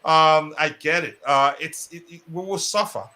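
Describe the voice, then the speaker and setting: A man's voice: a little high, normal speed, pushed and bright. A man hosting a live football chat show, talking loosely with many fillers and restarts. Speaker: host.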